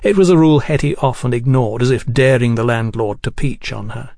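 A man's voice: medium pitch, a little mellow, dry recording. Male audiobook narrator, dry and close. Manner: measured, descriptive. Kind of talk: scripted narration.

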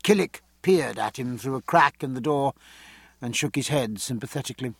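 A man narrating a novel in an expressive, dramatic storytelling style. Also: mid-range voice, normal speed, creaky, husky, no echo. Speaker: audiobook narrator. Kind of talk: scripted narration.

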